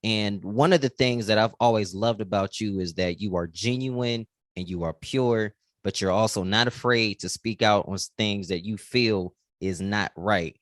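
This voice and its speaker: A man's voice: lowish voice, moderate pace, few pauses, a bit bright, no echo, studio quality. A man hosting an interview, asking admiring, attentive questions. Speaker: interviewer, host.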